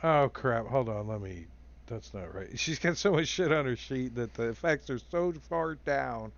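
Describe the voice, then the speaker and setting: A man's voice: medium pitch, lively intonation, moderate pace, vocal fry, muffled recording. A man running a tabletop role-playing game as dungeon master, musing aloud and laughing often.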